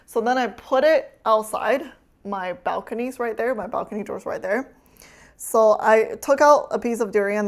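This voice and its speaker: A woman streamer chatting casually with her chat while cooking, teasing and laughing often. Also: a little high.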